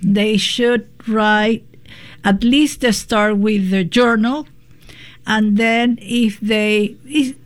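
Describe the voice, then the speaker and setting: Slow-talking woman radio host. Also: fairly high pitch. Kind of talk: casual radio interview.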